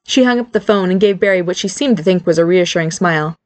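A woman reading a story aloud as audiobook narrator in an even, storytelling manner. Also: fairly low pitch, brisk, few pauses, no echo. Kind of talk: scripted narration.

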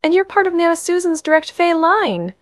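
A woman voicing an eager, nervously reassuring mother who talks excitedly about family fairy magic, in an audiobook. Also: very high-pitched, fairly quick, no room sound, studio quality, voice pushed up. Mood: enthusiastic. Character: eager, nervous middle-aged mother, chatty fairy-line enthusiast. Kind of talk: audiobook narration.

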